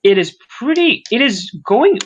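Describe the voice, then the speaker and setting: A man's voice: extremely high pitch, very animated, measured pace, highs cut off, a little hiss or hum. A man co-hosting a podcast in casual chat, rambling and sarcastic, swearing casually. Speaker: podcast co-host.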